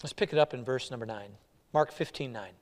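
A male pastor preaching a sermon, swinging between hushed lines and loud, dramatic ones. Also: medium pitch, a little fast, big-room sound. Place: church sanctuary.

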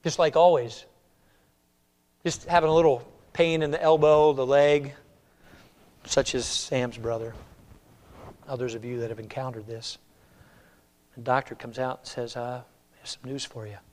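A man preaching a sermon in a church, firing rhetorical questions and swinging between loud urging and hushed, quiet passages. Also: mid-range voice, steady tone, unhurried, long pauses. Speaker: pastor. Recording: reverberant hall.

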